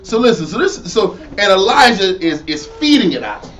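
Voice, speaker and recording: High-voiced man joking through a Bible study. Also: moderate pace, highs cut off. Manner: animated and slangy, acts out scenes with put-on voices, keeps asking "huh?". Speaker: leader of a group Bible reading. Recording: distant voice with group laughter around.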